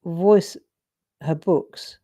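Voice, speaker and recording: A woman's voice: fairly low pitch, drawn-out words, dark tone. A middle-aged woman, chatting in a rambling, self-interrupting way as she hosts a live drawing demonstration. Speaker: craft demonstrator and host. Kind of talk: casual chat while drawing live.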